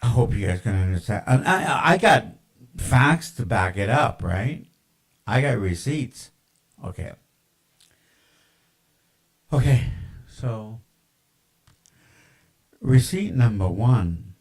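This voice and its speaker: Slow, rambling man ranting. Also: mid-range voice, lively intonation, breathy edge, rough recording. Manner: rambling, profane, full of fillers and tangents. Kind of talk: casual monologue rant.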